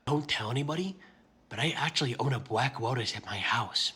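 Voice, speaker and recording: A man's voice: mid-range voice, a little fast, pushed and bright, natural voice. A man playing a smug, boastful male hometown card-game champion, bragging and condescending. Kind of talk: comedy skit.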